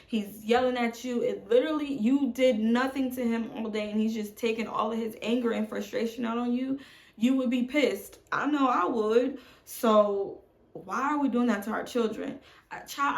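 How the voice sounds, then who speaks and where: Thirties mom vlogger, earnest and emotional, some vocal fry, phone mic in a roomy space. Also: female voice, a little high. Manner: candid, emotional, addresses viewers as y'all. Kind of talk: candid confessional chat to camera. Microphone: phone on tripod. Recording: echoey room.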